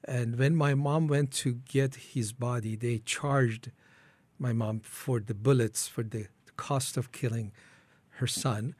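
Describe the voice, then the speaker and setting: A man's voice: mid-range voice, fairly even intonation, slow, a little mellow, dry recording. A man from Iran, founder of a ministry, tells his life story as an interview guest, earnestly acting out his own prayers.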